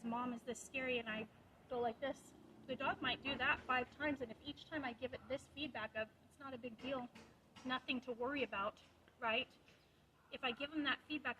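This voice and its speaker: A woman's voice: high voice, bright, forceful tone, a little hiss or hum, rough recording. A woman dog trainer giving a practical, direct lesson, explaining with quoted examples. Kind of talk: instructional talk to camera.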